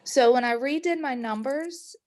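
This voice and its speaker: A woman in her late thirties shares her story casually as a workshop participant. Her voice sits fairly high and she hedges often. A faint hiss runs under the video call. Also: normal speed, a little mellow. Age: 30s. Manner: chatty, hedging with "kinda". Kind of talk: casual sharing.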